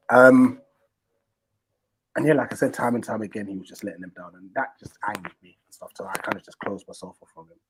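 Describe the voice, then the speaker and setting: Husky man telling a story. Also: fairly low pitch, low-quality recording. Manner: animated, acts out quoted people in a raised voice; slangy, filler-heavy. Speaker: stream host. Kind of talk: casual storytelling chat.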